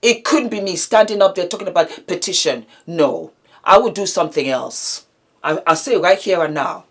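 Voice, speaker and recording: A woman's voice: on the low side, moderate pace. A woman vlogger talking to her viewers in impassioned commentary, emphatic and indignant, repeating phrases for force.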